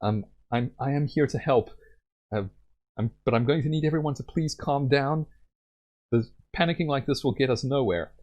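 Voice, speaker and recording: A man voicing a tall woman warden, calming a crowd in a solo tabletop game. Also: mid-range voice, normal speed, voice pushed up, lightly acted. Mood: soothing.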